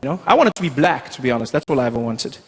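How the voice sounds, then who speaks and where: A South African man telling a stand-up story in an animated way, slipping into put-on voices. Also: mid-range voice, very fast. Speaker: stand-up comedian. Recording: clip with loud background noise.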